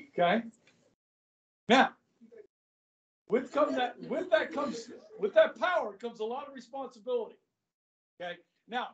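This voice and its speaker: High-voiced teacher telling a story in class. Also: male voice. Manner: chatty, keeps checking in with "okay?". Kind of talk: classroom lecture with anecdotes. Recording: distant, muffled classroom recording.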